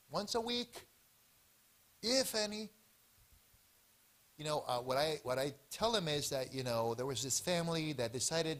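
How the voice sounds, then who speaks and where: A man giving an informal health seminar talk at a church event, storytelling with lots of expression and acted-out bits. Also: on the high side. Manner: animated storytelling with acted-out voices.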